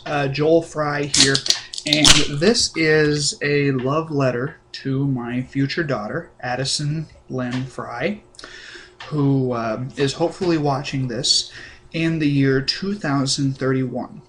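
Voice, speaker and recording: A young man talking to camera in a deadpan, rambling way, full of ums and mock-sincere asides. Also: medium pitch, slow, background noise. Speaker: comedic vlogger.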